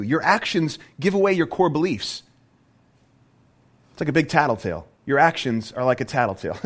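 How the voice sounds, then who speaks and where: A man preaching a sermon as a pastor, animated and full of rhetorical questions. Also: a little high.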